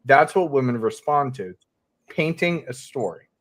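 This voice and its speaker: A man's voice: mid-range voice, animated, measured pace. Opinionated man holding forth on a panel. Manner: opinionated, explaining. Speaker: panelist in a replayed clip. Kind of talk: casual panel debate.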